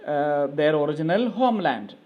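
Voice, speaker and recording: On a muffled recording, a man with an Indian English accent teaches from a textbook, going line by line. After reading each sentence he restates it, leaning heavily on fillers. His voice is on the high side, animated, at a normal pace.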